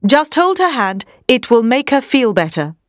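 Brief: a stern old professor who barks orders in a raised, forceful voice, as a woman narrator puts him on. The reading is close and dry. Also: a little high, big pitch swings, moderate pace, no echo, voice pushed up. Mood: commanding. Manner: commanding, forceful. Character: stern urgent elderly male professor.

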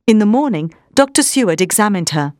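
A woman narrates a classic story in a measured, expressive way. Her voice sits in a mid-range pitch and sounds dry, with no room around it. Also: no room sound.

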